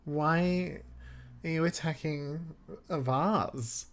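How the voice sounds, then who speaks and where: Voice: mid-range voice, very slow. A podcast co-host giving casual, sarcastic commentary on a TV episode. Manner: sarcastic, mocking.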